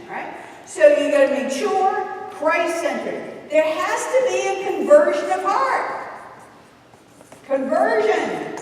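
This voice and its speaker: A woman giving a lively talk to a youth group in a church hall, asking the audience questions. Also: high voice, a little hiss or hum. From New England. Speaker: speaker at a youth ministry talk. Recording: echoey hall from far off.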